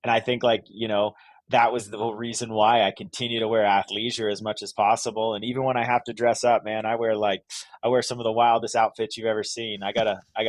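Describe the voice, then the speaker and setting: A man's voice: fairly low pitch, dry recording. A middle-aged man from Vermont, a podcast guest telling his story in casual, rambling talk full of "like" and restarts. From Vermont, USA. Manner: rambling, lots of "like" and "you know", restarts.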